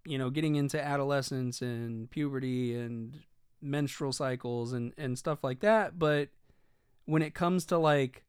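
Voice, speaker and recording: A man's voice: mid-range voice, unhurried, clean tone, no room sound, clean studio sound. A man giving casual video commentary, rambling and swearing, with many fillers and restarts.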